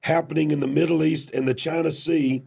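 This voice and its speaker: Male host, raspy and gravelly, emphatic commentary, nursing a cough. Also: on the high side, fairly even intonation, brisk. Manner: emphatic, builds to shouted questions. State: coughing, cough drops in mouth. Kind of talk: casual political commentary.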